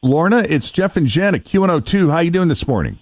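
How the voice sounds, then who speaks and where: Lively male radio host, dry studio. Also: a little high, fast, dry recording. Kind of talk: morning radio banter.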